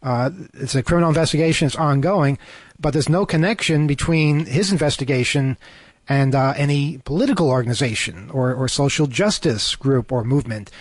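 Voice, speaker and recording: A man's voice: medium pitch, fairly quick, no room sound. A man co-hosting a talk show over a remote call, reading news items and cutting in with sarcastic asides, full of fillers and restarts. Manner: hesitant, many fillers and restarts.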